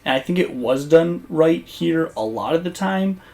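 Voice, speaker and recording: A gaming YouTuber talking casually over gameplay footage, rambling and conversational with lots of fillers and restarts. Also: male voice, on the high side, lively intonation, normal speed, a little mellow.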